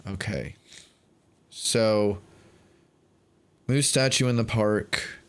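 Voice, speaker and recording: A man's voice: lowish voice, very slow, clear, resonant tone. A man streaming a game, chatting casually with a wry, profane manner. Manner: wry, profane, swearing freely. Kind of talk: casual gameplay commentary.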